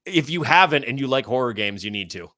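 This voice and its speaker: A man's voice: mid-range voice, lively intonation, fast talker, sharp tone, dry recording, clean studio sound. A man co-hosting a casual wrestling livestream, rambling cheerfully through plugs and schedules. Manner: upbeat, rambling plugs with laughs. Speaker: podcast co-host and wrestler.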